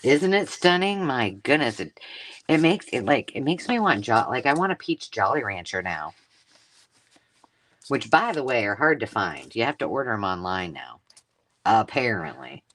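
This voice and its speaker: Woman host for a live craft unboxing: gushing, chatty, very animated pitch. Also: moderate pace. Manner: gushing and effusive, chatty asides. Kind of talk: casual live-stream chat, unboxing mail.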